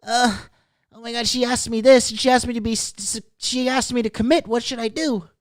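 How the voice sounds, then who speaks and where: A man's voice: very high voice, fairly even intonation, fairly quick, dry recording, clean studio sound, pitched above the performer's own voice. A man doing a panicked, stammering young guy. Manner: flustered, stammering.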